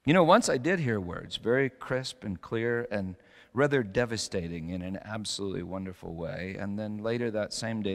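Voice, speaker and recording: A middle-aged male pastor preaching a sermon, telling stories with sudden loud bursts and quiet drops. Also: on the low side, big-room sound.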